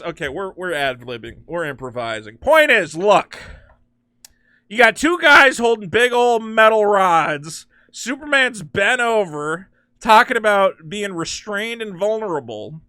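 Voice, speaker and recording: Ranting with incredulous, sarcastic exasperation, a man hosts a comic-book commentary in a high-pitched, very animated voice that swoops widely. He talks a little slowly, his tone clean yet bright and forceful. The recording is dry and close, with no room sound.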